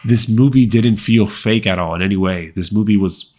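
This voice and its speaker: A man with a very deep voice talks through a film review in a relaxed, off-the-cuff way. He circles back on words and piles up fillers as he thinks aloud. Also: moderate pace. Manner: conversational, many fillers and repeated words; acts out quoted lines. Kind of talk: casual movie review vlog.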